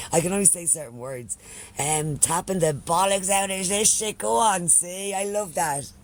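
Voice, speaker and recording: A man's voice: sits high, normal speed, a little hiss or hum. Chatty Irish man on a live stream. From Ireland. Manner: chatty, swears freely, thanks followers by name. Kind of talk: casual live-stream chat.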